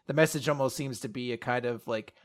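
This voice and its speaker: A man's voice: medium pitch, fairly quick. Mid-range male podcast co-host, eager and jokey, loose casual delivery. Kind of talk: casual chat about a comic.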